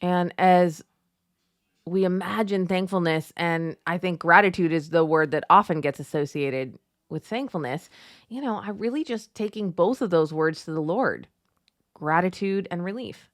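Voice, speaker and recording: A woman in her thirties with a fairly low voice hosts a faith-based talk show and speaks in a relaxed, conversational way. She tells family stories with lively retellings. The sound is dry and close, with no room around her. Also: normal speed, no room sound. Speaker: podcast host. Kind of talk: casual devotional talk.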